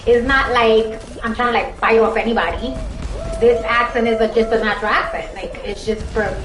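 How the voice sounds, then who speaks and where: A woman's voice: on the high side, fairly even intonation, fairly quick. A young woman from the Bronx with a heavy Bronx Puerto Rican accent, who grew up speaking Spanish, chatting casually with viewers on a live stream. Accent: Bronx Puerto Rican New York. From Bronx, New York. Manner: chatty, rambling, talks straight to viewers. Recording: echoey room with music behind.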